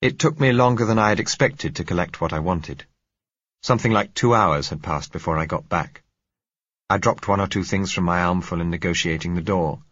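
A man reading a novel aloud as scripted audiobook narration, measured and composed. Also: sits low, fairly bright tone, slightly rough, no echo. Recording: slightly dull recording.

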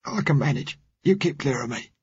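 A man voicing a dying, rough-spoken London working man, blunt and slangy, sounding weak and sickly. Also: medium pitch, lively intonation, brisk, dry recording, voice pushed up. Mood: gruff. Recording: dull, muffled recording.

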